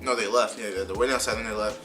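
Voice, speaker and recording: Young man ranting with a bright edge. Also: lowish voice, quick pace, faint music behind. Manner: heated, animated, repeats himself. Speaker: vlogger telling a story. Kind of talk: casual storytime rant.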